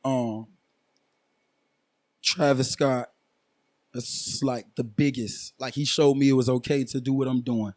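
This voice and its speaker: A man's voice: mid-range voice, steady tone, takes it slowly, long pauses, darkish tone, no room sound, clean studio sound. A man in his twenties, a guest musician, talking casually and at length with slang and frequent check-ins like "you feel me" on a podcast. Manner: laid-back slang-heavy storytelling, frequent "you feel me".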